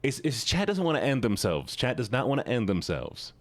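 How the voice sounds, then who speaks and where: A man's voice: big pitch swings, a little fast, no room sound. A man livestreaming, chatting casually and playfully with his viewers, often joking at his own expense. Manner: playful, self-mocking, with sudden jumps in pitch. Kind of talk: casual chat to stream viewers.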